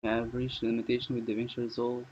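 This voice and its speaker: A man's voice: mid-range voice, monotone, fast talker, a little mellow, a little hiss or hum. A man live-streaming at home in casual chatter, rambling and thinking aloud as he works. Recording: dull lo-fi stream audio.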